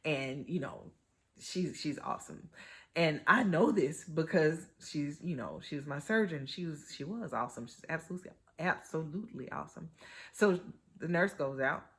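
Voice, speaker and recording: A woman's voice: sits low, moderate pace. A woman hosting a podcast, telling a personal story in a chatty, conversational way, with wry humor and lots of "you know". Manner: animated retelling with wry humor. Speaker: podcast host.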